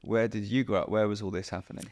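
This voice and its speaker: Male interview host with a low voice, gentle and prompting. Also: fairly even intonation, fast, dry recording, studio quality. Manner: gentle, prompting, brief affirmations. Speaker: podcast host. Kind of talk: interview questions.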